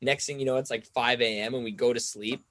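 A young man tells a rambling story in a relaxed, chatty way. He fills his talk with "like" and slips into quick impressions of other people. His voice sits mid-range and sounds close and dry, with little room sound. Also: medium pitch, no room sound. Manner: rambling, says "like" constantly, acts out quoted voices. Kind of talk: casual storytelling chat.

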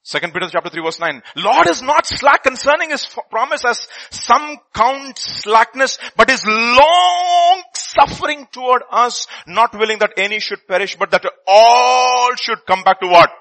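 A man preaching a sermon, reading scripture and swinging from loud bursts to quiet asides. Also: very high voice, animated, a little slow, few pauses, rough recording.

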